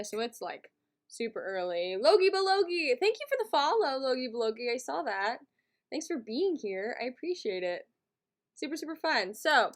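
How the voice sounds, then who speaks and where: A woman hosting a live stream, chatting casually and giggly with her viewers from a home setup. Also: on the high side. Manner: chatty and giggly, talks to chat.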